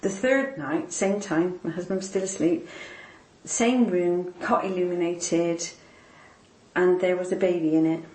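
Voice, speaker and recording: A woman's voice: on the low side, a little mellow. Emotional woman telling a personal story, roomy echo. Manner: halting, repeats words, tearful at moments. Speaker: interviewee. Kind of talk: personal faith testimony.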